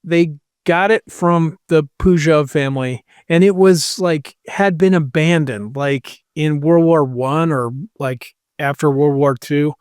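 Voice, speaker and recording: Man, podcast co-host, rambling storyteller, slightly high voice, dry close sound. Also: unhurried, hardly any pauses, a little mellow, clean tone, no room sound. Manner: rambling, quotes people with "he's like". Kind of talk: casual storytelling chat.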